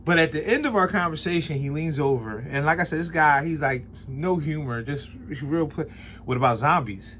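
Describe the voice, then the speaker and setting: Knife-review host, male, a touch high-voiced, talks loosely with chuckles, punches up the key points. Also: fairly quick, hardly any pauses, fairly bright tone, a little hiss or hum. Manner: rambling, chuckling, emphatic when listing rules. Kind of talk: casual spoken product review.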